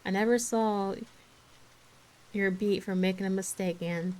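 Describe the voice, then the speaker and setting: A woman's voice: mid-range voice, steady tone, a little slow, a little mellow, close to an everyday voice, low-quality recording. Woman reading as a stern older guardian. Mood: exasperated.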